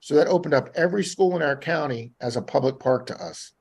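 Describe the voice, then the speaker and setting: A man from Florida, a metal detecting guest, telling rambling, animated stories and acting out what people said. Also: fairly high pitch, fast, husky. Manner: rambling, animated anecdotes with acted-out quotes. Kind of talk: casual storytelling on a live podcast.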